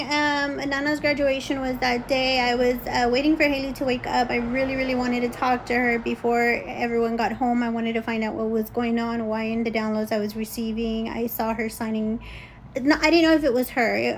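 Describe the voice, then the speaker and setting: A middle-aged woman vlogger tells a personal story in an agitated way, full of fillers and restarts, acting out what others said. Her voice sits on the high side, and the rough recording carries slight background noise.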